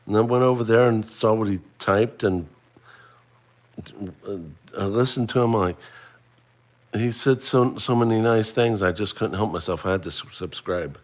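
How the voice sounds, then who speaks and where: A man's voice: on the low side, moderate pace. A middle-aged man hosting a casual livestream, chatting and running a trivia quiz for viewers he addresses by name. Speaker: livestream host.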